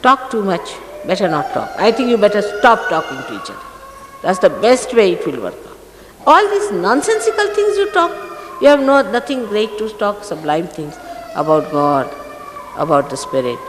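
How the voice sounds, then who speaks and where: A woman's voice: medium pitch, very animated, moderate pace. Stern woman teacher, echoey old recording. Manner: stern and admonishing, emphatic. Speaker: spiritual teacher. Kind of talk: scolding spiritual talk to followers. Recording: echoey archive recording from a hall, faint noise.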